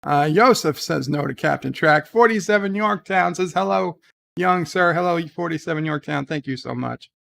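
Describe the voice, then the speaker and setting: A man with a slightly raised pitch and a gravelly edge hosts a live stream. He chats casually and rambles, reading viewer comments aloud and answering them. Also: moderate pace, a bit bright.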